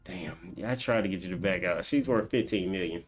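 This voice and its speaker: A man's voice: low voice, fairly quick, soft background music. A man streaming a game, chatting casually and reading viewer comments aloud as he banters with them. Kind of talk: casual live-stream chat.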